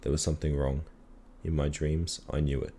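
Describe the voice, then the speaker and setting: A man calmly reading a children's story aloud in a measured storytelling manner. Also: very deep voice, breathy edge. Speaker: reader.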